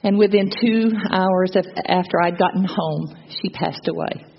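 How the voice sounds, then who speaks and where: A woman's voice: lowish voice, unhurried, vocal fry. A middle-aged woman telling her personal testimony to a church gathering in an earnest, reflective way. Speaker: church speaker giving testimony. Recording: long reverb, dull lo-fi sound, faint noise.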